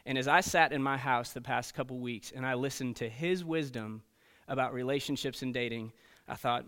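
A man preaching to teenagers as a youth pastor, telling stories in an animated way and checking in often with "okay?" and "right?". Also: mid-range voice, normal speed. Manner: storytelling, animated, frequent "okay?" and "right?" asides. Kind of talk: sermon to teenagers.

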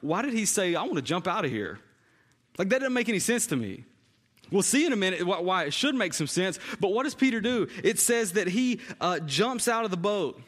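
A man's voice: high voice, expressive, fairly quick, fairly bright tone. A man preaching a conversational sermon in a church, often repeating phrases for emphasis. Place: church sanctuary. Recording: long hall reverb.

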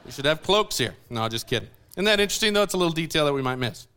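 Man, pastor, sermon in a church, high bright voice, smooth and clear, playful jokes between readings. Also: animated, racing. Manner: playful, joking asides between scripture readings. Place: church sanctuary.

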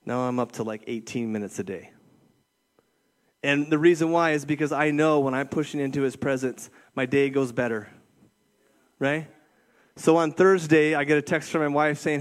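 A man's voice: mid-range voice, normal speed. Conversational man preaching to a room. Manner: conversational, keeps checking in with "right?". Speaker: youth ministry director preaching. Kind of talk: sermon. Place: church room with an audience.

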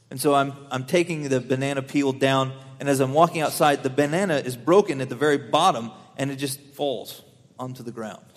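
A young man preaching a sermon, earnest, swelling louder on key lines and dropping softer while telling stories. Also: medium pitch. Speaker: pastor. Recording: long hall reverb.

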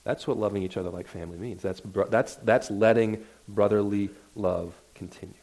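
A man's voice: on the low side, steady tone, normal speed, a little mellow. A man preaching a sermon to his congregation in a church, earnest and conversational, often restarting his sentences as he works toward a point. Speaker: pastor. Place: church sanctuary.

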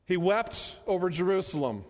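A male pastor preaches a sermon in a fairly high, darkish voice with lively intonation. He repeats phrases and slows right down to stress the key words, while long reverb from a large hall trails every line.

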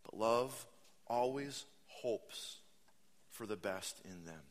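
A man in his thirties preaching a sermon as pastor, animated, jumping into high mocking voices and dropping to soft, earnest lines. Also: slow.

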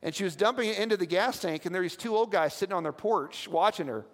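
Male pastor, high voice, conversational sermon, long hall echo. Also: lively intonation, fast. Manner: storytelling, conversational with audience asides. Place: church.

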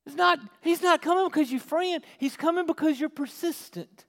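A man's voice: very high voice, normal speed. A man preaching a sermon, asking rhetorical questions and acting out the lines of the people in his story. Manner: animated, acts out dialogue, rhetorical questions. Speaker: pastor. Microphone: filmed on camera. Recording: long hall reverb.

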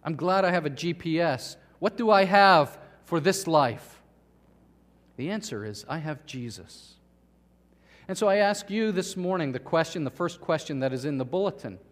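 A male pastor delivering a sermon with animated storytelling, speaking to the children and the congregation. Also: on the high side, normal speed, in a large hall.

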